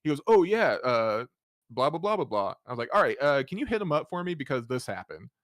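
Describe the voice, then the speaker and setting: A man hosting a casual podcast chat, telling a story in a lively way. He acts out both sides of the conversation, laughs often and swears freely. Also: medium pitch, brisk, no echo. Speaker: podcast host.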